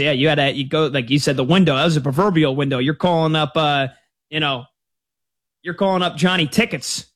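A man hosting a sports talk radio show, chatting about games and taking calls in a casual, lively way. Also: on the high side. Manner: conversational, lively storytelling.

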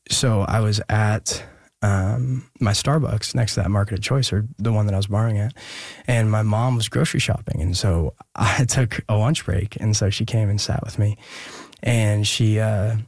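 A young man, a guest in an interview, telling a personal story in an earnest, reflective, halting way. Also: on the low side, a little mellow, dry recording, clean studio sound.

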